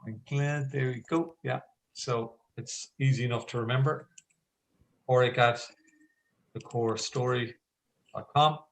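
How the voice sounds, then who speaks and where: A man who coaches storytelling, talking on a video call. He is an animated storyteller who acts out scenes and often restarts his sentences. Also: mid-range voice, unhurried, long pauses, poor audio. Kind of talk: conversational talk on a video call.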